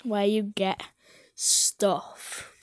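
A woman chatting casually with a friend while playing an online game for her video, excitable and giggly, with sudden shrieks. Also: medium pitch, drawn-out words, no room sound. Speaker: gaming video creator. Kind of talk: casual gameplay chat with a friend.

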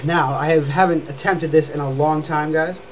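This casual live-stream vocal lesson features a young man rambling about how to scream and growl and showing it as he goes. His voice is on the high side with fairly even intonation at normal speed. The audio is poor, with slight background noise.

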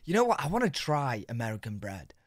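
A young British man chatting casually as he reacts to a video, with a relaxed slangy manner. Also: mid-range voice, fast talker, dry recording, studio quality. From United Kingdom. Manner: laid-back slangy chatter with "yo" and "bro". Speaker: reaction host.

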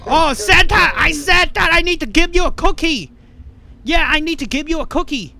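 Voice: very high voice, animated, moderate pace, creaky, pushed and bright. A gamer giving frantic, panicky commentary on a horror game, swearing constantly. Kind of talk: let's play commentary.

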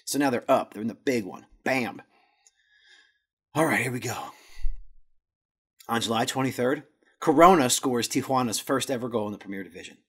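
A man with a slightly husky voice runs a casual podcast recap from his notes. He tosses in jokey asides and trips over Spanish words as he goes. His pitch sits in a middle range. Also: moderate pace, long pauses. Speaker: podcast host.

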